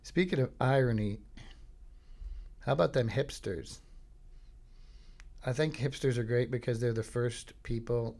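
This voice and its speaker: Gravelly male podcast host from Florida, rambling comic monologue, middle pitch. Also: measured pace, long pauses, a little mellow. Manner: rambling, jokey storytelling. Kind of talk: casual comedic monologue.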